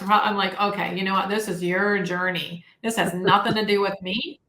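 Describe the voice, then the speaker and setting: Woman, 50s, interview guest; sharp tone with some vocal fry, roomy sound. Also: medium pitch, steady tone, normal speed, few pauses. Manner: effusive, storytelling, chatty. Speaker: guest inventor. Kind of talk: casual interview chat.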